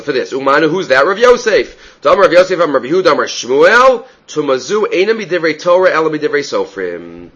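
A man's voice: on the high side, sharp tone, slightly rough, poor audio. A man giving a casual Talmud study lecture, reading Aramaic phrases and explaining them in English, often asking "right?". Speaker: Talmud teacher.

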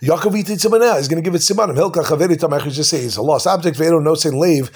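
A man teaching a casual Talmud class, quickly translating the text line by line with asides. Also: fairly high pitch, a little mellow, husky.

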